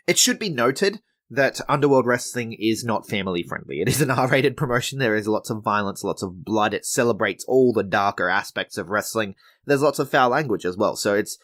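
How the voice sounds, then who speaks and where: With a low-leaning, fairly bright voice, a man hosting a wrestling podcast gives casual recap commentary on the shows. He's relaxed and chatty and restarts himself often.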